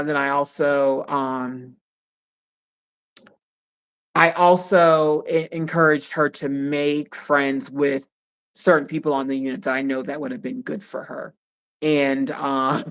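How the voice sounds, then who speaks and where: A woman co-hosting a live stream in a casual chat, who speaks warmly and effusively and often repeats herself. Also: low voice, poor audio.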